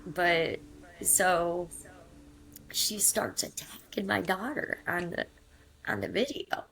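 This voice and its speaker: Low, gravelly-voiced woman telling her story. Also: takes it slowly, a bit bright, slight background noise. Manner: rambling, many fillers and restarts. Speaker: interview guest. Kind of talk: casual conversational storytelling.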